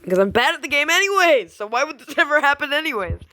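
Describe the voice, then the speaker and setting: A woman's voice: high-pitched, big pitch swings, quick pace, bright, forceful tone. A young woman talks casually to her camera as a gaming YouTuber. She rambles, giggles and teases, and often lets a thought trail off before jumping to the next.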